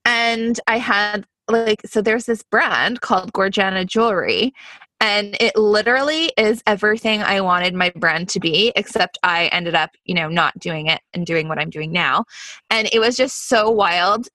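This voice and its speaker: Chatty young woman with a bright voice. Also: mid-range voice, moderate pace, dry recording. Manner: chatty storytelling, peppered with "like". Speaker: podcast co-host. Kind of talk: casual chat.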